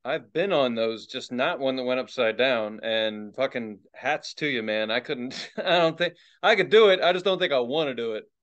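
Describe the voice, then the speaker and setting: Male podcast co-host; easygoing, profane, quick to chime in. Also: mid-range voice, a bit bright, lo-fi sound. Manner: laid-back, profane, short backchannel replies. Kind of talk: casual chat.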